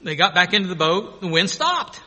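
A man preaching a sermon, telling a story in an earnest, animated way. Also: sits high, moderate pace. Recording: long hall reverb.

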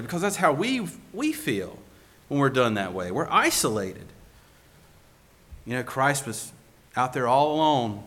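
A man's voice: a little high, sing-song, moderate pace, pushed and bright. A male preacher giving a sermon, asking the congregation one rhetorical question after another.

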